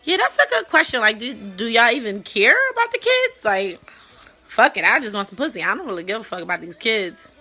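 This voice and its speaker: A young adult woman hosting a web talk show, chatting casually in a blunt, profane and playful way, with loud mock-disgusted outbursts. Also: a little high, big pitch swings, brisk. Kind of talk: casual chat, reacting to viewer stories.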